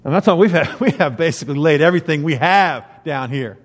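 A man's voice: a little high, animated, fast talker. A man preaching a sermon as pastor, telling a personal story and rising into emphatic preaching. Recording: long hall reverb.

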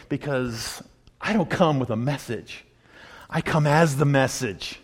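A man giving a sermon, telling his own testimony, dropping to a hush and then rising loud. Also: a little high, lively intonation, slow, pauses often, breathy edge. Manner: storytelling, swings between hushed and loud. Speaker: preacher. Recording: long hall reverb.

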